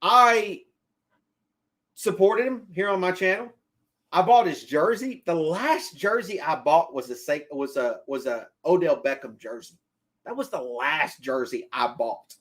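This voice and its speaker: High-voiced man arguing sports on a stream. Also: expressive, measured pace, fairly bright tone. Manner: emphatic, repeats himself, argues with chat. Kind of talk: live-stream football commentary.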